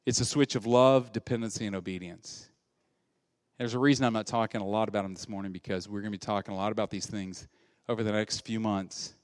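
A pastor giving a sermon to his congregation in earnest preaching style, swinging between loud emphasis and soft asides. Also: fairly low pitch, fairly even intonation, quick pace, dry recording, studio quality, long reverb tail.

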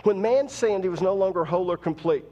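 A man's voice: sits high, fast, mellow, long reverb tail, dull audio. A man preaching a sermon as pastor, talking conversationally while teaching and rising to emphatic preaching. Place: church.

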